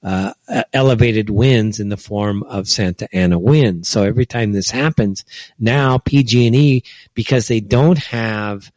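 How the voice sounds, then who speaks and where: A man's voice: on the low side, a little slow, darkish tone, no echo. A man from California, talking in a loose, rambling monologue full of fillers and little acted-out asides. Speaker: commentator. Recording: dull, dry lo-fi recording.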